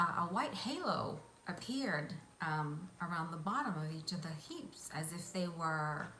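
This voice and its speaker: Bright-voiced woman telling a vivid story. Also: lowish voice. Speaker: interview guest. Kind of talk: recounting a hypnosis vision. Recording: echoey room, faint hiss.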